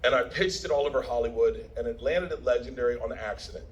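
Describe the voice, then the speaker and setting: On a lo-fi recording with some hiss or hum, a middle-aged man talks fast in a mid-range voice, telling a premiere crowd raucous, profane stories. He's loud and keeps laughing while he tells them.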